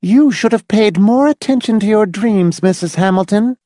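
A woman voicing a prim, controlling schoolteacher type, speaking in a dry, dispassionate, calmly insistent tone. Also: medium pitch, moderate pace, dry recording, natural voice. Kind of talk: audiobook dialogue reading.

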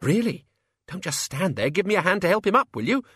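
A man voicing a sharp, no-nonsense young woman who talks bluntly and wearily. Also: sits high, sing-song, slightly rough, no room sound, studio quality, pitched above the performer's own voice, exaggerated voice. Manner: brisk, weary and blunt.

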